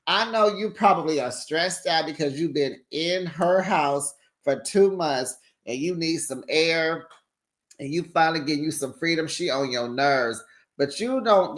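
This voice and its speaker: A man's voice: fairly high pitch, lively intonation, unhurried. A tired man giving a casual, sassy recap of a reality show, chatting to his viewers with slangy asides.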